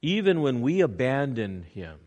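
A man preaching a sermon, animated, acting out little scenes in quoted voices. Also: a little slow. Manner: animated preaching with swings in pitch and loudness. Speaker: pastor.

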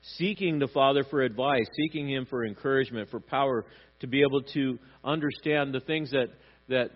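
A man preaching a sermon, animated, acting out short voices as he tells his points. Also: mid-range voice, normal speed, highs cut off. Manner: animated, acts out little voices for God and parents. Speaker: pastor.

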